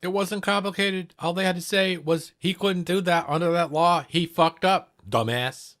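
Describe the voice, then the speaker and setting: Male streamer, slightly high pitch, angry and sarcastic, heavy swearing. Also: little pitch movement, moderate pace, a bit bright. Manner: heated, sarcastic, swears constantly. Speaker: livestream host reacting to a clip. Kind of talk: profane reaction commentary.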